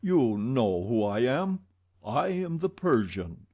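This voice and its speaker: Audiobook role: a man voicing a mysterious grave older man, measured and deliberate, mellow warm tone. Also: medium pitch, very animated, exaggerated voice. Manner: slow, grave, sighing.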